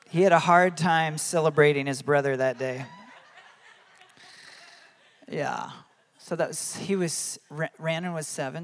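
Preaching in a sincere, conversational manner, this thirtysomething male pastor has a gravelly voice pitched slightly above most men's. Laughter frequently breaks into his storytelling.

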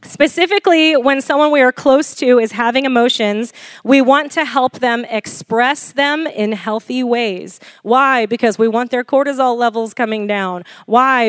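A woman in her forties preaching a sermon, animated and laughing often as she questions the congregation. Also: on the high side, no echo, studio quality. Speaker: pastor.

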